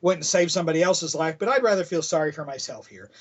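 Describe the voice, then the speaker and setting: A man's voice: fairly high pitch, fast, husky. Rambling man recapping comics, lo-fi. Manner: rambling, many fillers. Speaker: podcast host. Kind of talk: casual comic-book recap.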